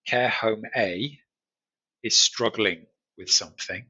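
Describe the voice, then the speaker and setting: A man casually reviewing a care regulator's new strategy in a chatty, wry way, full of jokey asides and a husky edge. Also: lowish voice, slow, pushed and bright, highs cut off. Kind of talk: casual solo video commentary.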